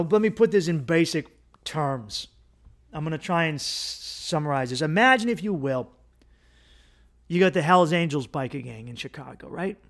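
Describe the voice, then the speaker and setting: A man hosting a podcast, telling a rambling, profane comedic monologue and acting out characters in louder, higher bursts. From United States. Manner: profane, rambling, acts out gang voices in a louder higher pitch. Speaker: podcast host.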